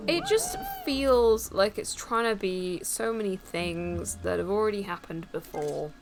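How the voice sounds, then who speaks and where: Slow-talking playful woman. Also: mid-range voice, very animated. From United Kingdom. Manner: playful, giggly, silly bits of accents. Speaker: streamer co-host. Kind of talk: casual gameplay chat. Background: game music.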